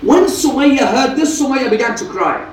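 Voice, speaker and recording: A man's voice: very high voice, expressive, moderate pace. A man giving a sermon, retelling a story dramatically with quoted dialogue. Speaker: preacher. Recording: echoey hall from a distance.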